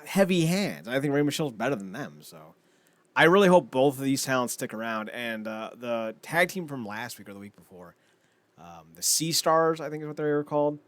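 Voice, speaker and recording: A young man co-hosting a podcast, chatting casually and excitably, rambling with lots of fillers and frequent laughs. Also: mid-range voice, brisk, no echo. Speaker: podcast co-host. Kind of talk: casual wrestling chat.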